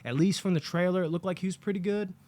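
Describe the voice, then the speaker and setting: A man's voice: sits high, fast talker, a little mellow. A man casually reviewing a movie on his vlog, telling long stories in a rambling, profane way with lots of fillers.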